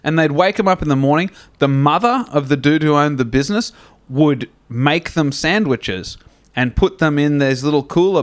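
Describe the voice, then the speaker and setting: A man, telling a profane comic story on a podcast. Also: fairly high pitch. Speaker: podcast co-host. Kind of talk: casual comedic storytelling.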